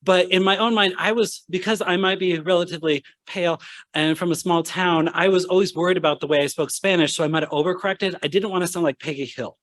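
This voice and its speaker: Animated young man telling a funny story. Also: high-pitched, fast talker. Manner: animated, acts out voices in his anecdotes. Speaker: speaker at a medical school ceremony. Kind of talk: humorous storytelling speech.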